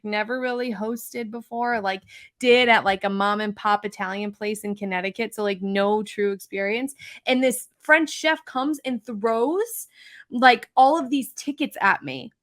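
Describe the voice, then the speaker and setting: A woman's voice: a little high, fairly bright tone. A woman in her twenties co-hosting a podcast, telling stories in casual, laughing chat. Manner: chatty storyteller, quick asides, laughs often. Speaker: podcast co-host.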